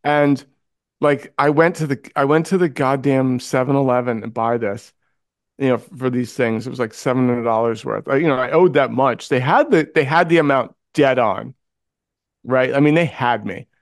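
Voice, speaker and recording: Man, casual podcast chat, lively storyteller, mid pitch, dry sound. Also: normal speed, no room sound. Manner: animated storyteller, acts out quoted voices.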